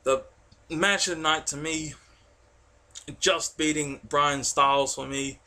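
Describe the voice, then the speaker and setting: A man giving an excitable, rambling spoken review, full of fillers and restarts. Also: on the high side, slow. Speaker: wrestling reviewer.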